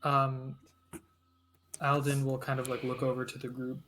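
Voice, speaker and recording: A man's voice: mid-range voice, completely flat delivery, moderate pace, music in the background. A man playing a tabletop game who explains his plans carefully, with plenty of fillers. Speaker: player. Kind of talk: casual tabletop game chat.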